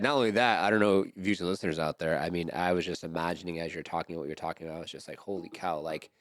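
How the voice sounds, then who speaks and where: A man hosting a podcast interview in a casual, chatty way, with bursts of excitement. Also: low voice, fast, hardly any pauses, dry recording. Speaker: podcast host.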